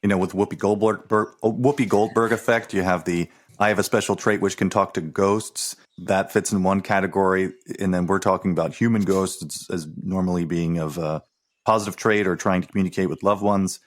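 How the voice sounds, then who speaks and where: A man co-hosting a podcast, speaking in a measured, reflective way. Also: deep voice, fairly even intonation. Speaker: podcast co-host. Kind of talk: casual movie discussion.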